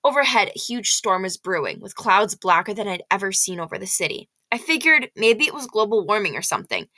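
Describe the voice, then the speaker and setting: A woman reading a novel aloud in the first person, with lively, expressive narration. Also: medium pitch, fairly quick, dry recording. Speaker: audiobook reader.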